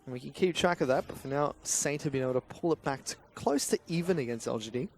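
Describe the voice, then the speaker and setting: A man giving rapid, excitable play-by-play commentary on an esports match. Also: mid-range voice, vocal fry. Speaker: esports caster.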